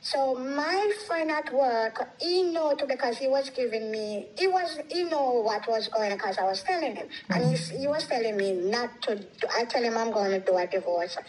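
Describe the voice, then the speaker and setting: A woman telling an emotional personal story, her voice climbing high when she gets upset. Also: animated, moderate pace, few pauses, a little mellow, low-quality recording. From United States.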